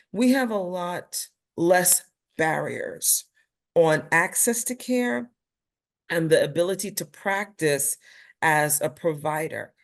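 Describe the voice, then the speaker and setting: A woman from Brooklyn with a clear New York accent talks about health policy as an interview guest. She is emphatic and animated, with a slightly low voice. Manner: animated, emphatic storyteller with a playful streak. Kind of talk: panel interview conversation.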